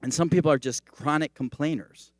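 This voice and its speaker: A man's voice: fairly high pitch, brisk, no echo, studio quality. Conversational man preaching a sermon. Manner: conversational, animated storytelling preaching. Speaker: teaching pastor.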